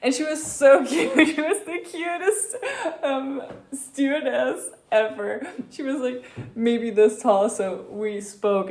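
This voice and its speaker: A woman vlogging in a casual, chatty way, telling a story with lots of fillers and animated retellings of conversations. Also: sits high, takes it slowly. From Austria.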